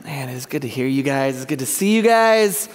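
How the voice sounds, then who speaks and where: A man's voice: mid-range voice, animated, moderate pace, slight background noise. A male pastor giving a casual, joking sermon, often checking in with the congregation. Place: church sanctuary. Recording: long church hall reverb.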